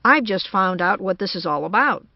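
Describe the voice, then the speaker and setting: A woman's voice: mid-range voice, lively intonation, moderate pace, dry recording, natural voice. An anxious engineer man talks with urgent unease, as a woman narrator puts him on. The storybook recording is dry and dull, like an old lo-fi tape. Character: worried American man, a computer engineer.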